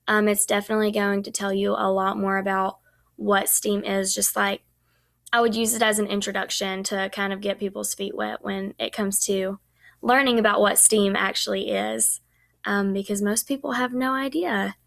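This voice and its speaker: A young woman talks through a recorded class presentation in a casual, chatty way, full of ums. Her voice sits at a middling pitch and has a slightly gravelly edge. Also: fairly even intonation, normal speed, a bit bright. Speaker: student teacher presenting.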